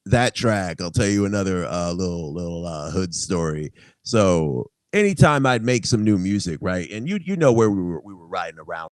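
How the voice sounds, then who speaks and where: Man with a very low voice, young adult, laughs and swears as he tells stories, dry close sound. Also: big pitch swings, moderate pace, no echo. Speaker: guest musician. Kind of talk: casual chat.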